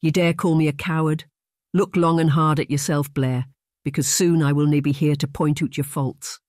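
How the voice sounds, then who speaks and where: A narrator voicing a weary, stern old Highland chieftain, a man over sixty with a Scottish accent who talks in a scolding way. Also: fairly even intonation, normal speed, a little mellow, no echo, clean studio sound, close to an everyday voice.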